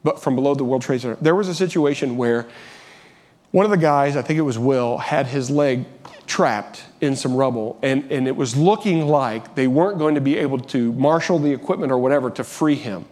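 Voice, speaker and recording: A man's voice: mid-range voice, a little fast, darkish tone. A man preaching a sermon as pastor, earnest, often restarting and repeating phrases, rising when he urges.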